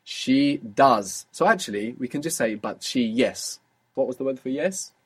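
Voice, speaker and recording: Male language teacher, slightly husky, patient, quizzes a learner and repeats answers back. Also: medium pitch, animated, measured pace. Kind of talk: guided spoken lesson.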